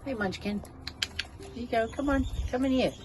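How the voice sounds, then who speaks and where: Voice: mid-range voice, normal speed. A bird keeper chatting casually in a vlog, coaxing the budgies in a fond baby-talk tone. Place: outdoor aviary on a windy day. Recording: loud wind noise outdoors. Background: budgies chirping.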